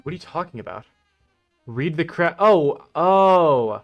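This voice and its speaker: A man's voice: on the high side, expressive, measured pace, muffled recording, faint music behind. Young man mocking on a livestream. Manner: mocking, laughing, slangy. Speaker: livestream host. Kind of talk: casual livestream commentary.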